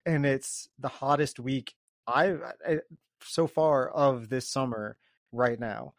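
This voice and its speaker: A man's voice: mid-range voice, slow, no echo, clean studio sound. A man hosting a podcast, chatting in a rambling, easygoing way and laughing often. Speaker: podcast host. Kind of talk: casual chat.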